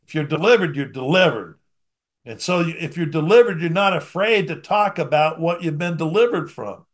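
A man preaching a sermon to his congregation, reading scripture aloud and commenting in a conversational way, moving between emphatic bursts and quiet asides. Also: sits high.

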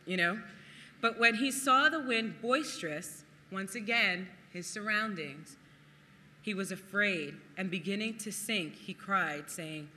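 A preacher giving a sermon and reading scripture aloud. The preacher talks in an animated way, laughs often, and acts out quotes in other voices. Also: mid-range voice, normal speed, long reverb tail, a little hiss or hum.

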